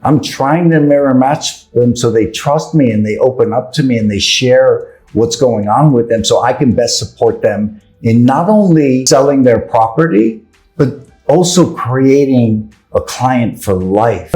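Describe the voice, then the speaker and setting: Brisk New York sales coach, man. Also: mid-range voice, dark tone. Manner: brisk, earnest, asks rhetorical questions. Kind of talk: sales training talk.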